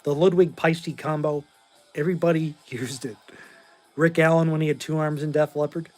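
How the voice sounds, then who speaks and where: A man's voice: fairly high pitch, fairly even intonation, normal speed, faint music behind. A tired man in his forties from Massachusetts, hosting a casual livestream and talking bluntly and in rambling fashion as he answers chat. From Massachusetts, USA. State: tired, short on sleep.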